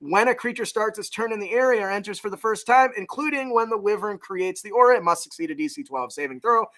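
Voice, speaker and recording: Bright high-voiced man rambling about homebrew monsters. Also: quick pace. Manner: rambling, self-correcting, laughs often. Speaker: podcast host. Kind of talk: casual tabletop game podcast chat.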